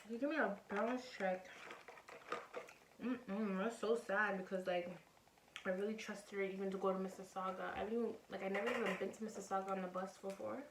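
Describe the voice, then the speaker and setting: A woman's voice: mid-range voice, little pitch movement, quick pace. A young woman vlogger casually telling a personal story to the camera, candid and chatty. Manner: candid, chatty, acts out other people's lines. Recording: roomy, distant from mic, background noise.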